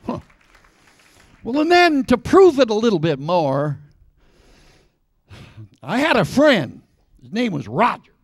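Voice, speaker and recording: High, lively older preacher man. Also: slow pace, pauses often, no echo, studio quality. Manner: folksy storytelling preacher, bursts into shouts. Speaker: pastor. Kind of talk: sermon. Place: church.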